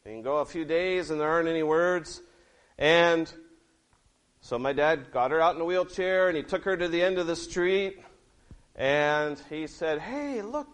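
A middle-aged man giving a lively children's sermon, telling stories with big swings between loud and soft. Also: clear, resonant tone. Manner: lively, expressive storytelling with big swings in pitch and loudness. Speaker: preacher.

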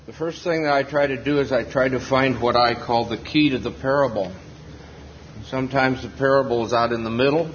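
A man's voice: medium pitch, a little hiss or hum. A man explaining a Bible parable earnestly, with many fillers, in a dull lo-fi meeting recording. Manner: earnest, with frequent fillers and restarts. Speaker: preacher at a Bible reading. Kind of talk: Bible exposition.

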